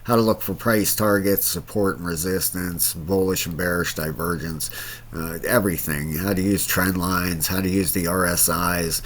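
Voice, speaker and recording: A man's voice: low voice, fairly even intonation, normal speed, fairly bright tone. A man hosting his own crypto channel, talking casually through market charts with lots of fillers and restarts. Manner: rambling, many fillers and restarts. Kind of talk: casual screen-share market commentary.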